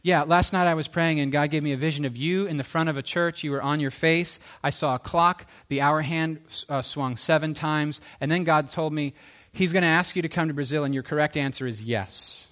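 A preacher playing a young wife in a sermon story, speaking plainly and surely, with barely any change from his own fairly high voice. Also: fairly quick, a bit bright, close to an everyday voice. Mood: assured.

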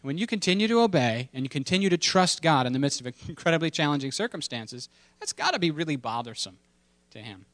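A man's voice: on the high side, very animated, fast, hardly any pauses, fairly bright tone, dry recording. Conversational, joking male pastor. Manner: conversational and humorous, with playful asides and impressions; emphatic repetition when preaching. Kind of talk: sermon.

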